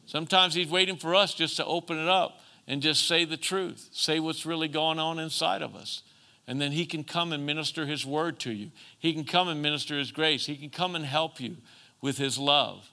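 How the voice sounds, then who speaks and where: A man preaching a sermon as pastor, calling for amens and moving between emphatic and soft, earnest passages. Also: a little high, moderate pace. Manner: preachy call-and-response, rising to emphatic then softening.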